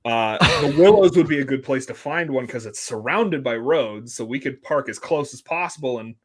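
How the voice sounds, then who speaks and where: A man speaks as a paleontologist guest on a casual interview show. His voice is mid-pitched and ordinary. He explains things eagerly and laughs easily. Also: lively intonation, normal speed, husky.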